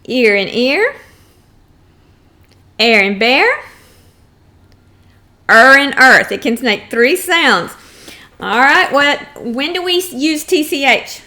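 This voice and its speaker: A woman teaching a first grade phonics lesson, sounding out letters and words slowly and clearly for young children. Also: high voice, animated, bright, forceful tone. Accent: Texan. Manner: slow, clearly sounded-out drills.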